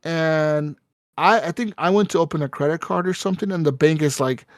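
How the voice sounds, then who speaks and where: A young adult man, a podcast co-host, telling a story in casual, profane, animated chat. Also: a little high, brisk, dry recording, studio quality.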